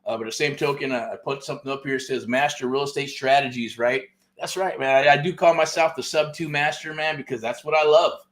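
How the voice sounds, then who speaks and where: A man's voice: mid-range voice, steady tone, quick pace, few pauses, fairly bright tone. A middle-aged man, hosting a real estate show and telling a story in loose, profane casual talk, full of "right?" and "man.".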